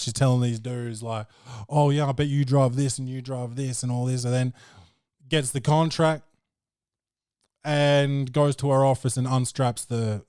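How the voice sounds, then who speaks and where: A man's voice: medium pitch, darkish tone, smooth, dry recording, clean studio sound. A man hosting a podcast, recapping a film in a brash, profane and joking way. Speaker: podcast host. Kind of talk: casual film review chat.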